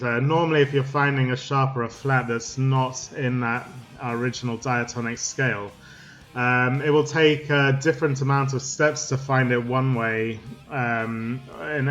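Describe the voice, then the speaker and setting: A man explaining music theory in a casual, halting way, full of ums and restarts. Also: mid-range voice, a bit bright, dull audio.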